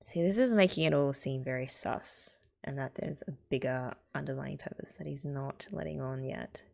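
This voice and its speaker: A woman's voice: rumbling low, normal speed, gravelly, a little mellow. An Australian woman hosting a reaction video, reading a manga aloud and chatting through it with laughing, whispered asides.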